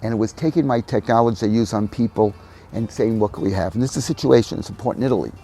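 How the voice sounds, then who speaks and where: An older man speaking as a podcast guest, telling stories animatedly, dropping to soft murmurs and rising to loud emphatic bursts. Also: lowish voice, very fast, faint music behind. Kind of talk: conversational storytelling.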